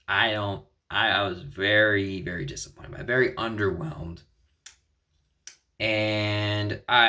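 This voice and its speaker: Young man, casual show review, rambling, restarts often, self-correcting, mid-pitched voice. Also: pushed and bright. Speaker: video reviewer. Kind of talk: casual TV show recap and opinion.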